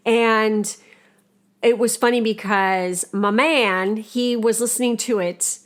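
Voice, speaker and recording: A woman's voice: on the high side, fairly even intonation, slow pace. Blunt, profane woman podcaster. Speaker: podcast co-host. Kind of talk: casual podcast chat.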